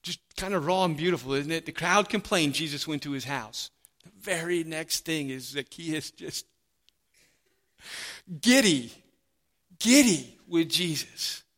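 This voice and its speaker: A man preaching a sermon, animated, acting out the voices of the crowd. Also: a little high, normal speed. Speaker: pastor.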